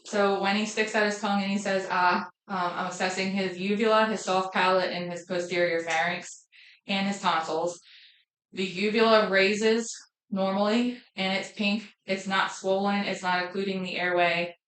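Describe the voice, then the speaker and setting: Woman narrating an exam, flat tone. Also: mid-range voice, moderate pace. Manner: methodical, listing findings with filler ums. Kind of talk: narrated head-to-toe exam demonstration. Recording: echoey room.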